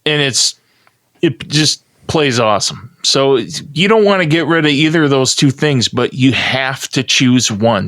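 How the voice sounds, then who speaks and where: A man's voice: mid-range voice, lively intonation, measured pace, fairly bright tone, no echo. A man co-hosting a podcast, announcing a game segment with a showman's flair and then casually laying out the rules. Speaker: podcast co-host.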